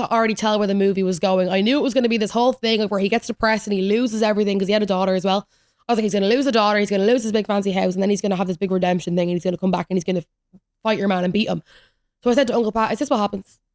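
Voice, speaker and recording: A young woman hosts her podcast, spilling stories fast and loose, full of "like" and quick asides. Her voice sits mid-range, and the sound is close and dry with no room around it. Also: medium pitch, no echo. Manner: chatty, rambling storytelling with lots of "like". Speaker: podcast host. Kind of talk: solo podcast rant, casual chat.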